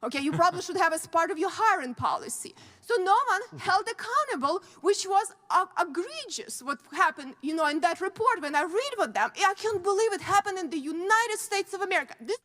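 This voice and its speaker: A woman from the former Soviet Union with a Russian accent questions an official at a hearing. She talks in blunt, accusing, halting phrases. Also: extremely high pitch, lively intonation, fairly bright tone. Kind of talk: hearing testimony.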